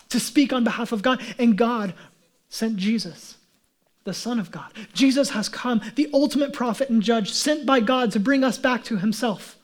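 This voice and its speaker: A man's voice: very high voice, darkish tone. A man, a pastor, preaching a sermon in an earnest, emphatic way and asking the congregation rhetorical questions.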